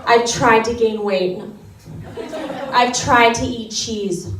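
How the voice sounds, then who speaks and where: A woman's voice: on the high side, fairly even intonation, slow. A woman performing a self-mocking stand-up set on a comedy club stage, with wry asides. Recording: roomy club sound from a distance.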